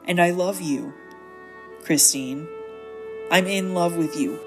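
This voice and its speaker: A woman's voice: on the low side, takes it slowly, over music. A woman voicing an eager, clueless, lovestruck young nobleman who talks like a casual dude.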